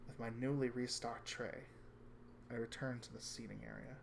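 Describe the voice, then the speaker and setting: A man reading a visual novel aloud with calm first-person narration. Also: mid-range voice, moderate pace, gravelly, noisy background. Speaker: reader.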